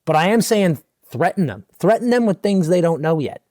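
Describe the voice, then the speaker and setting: A man's voice: sits high, big pitch swings, a little fast, mellow, no echo, clean studio sound. A young man co-hosting a casual comedy podcast, ranting in mock outrage with exaggerated bluster. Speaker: podcast co-host.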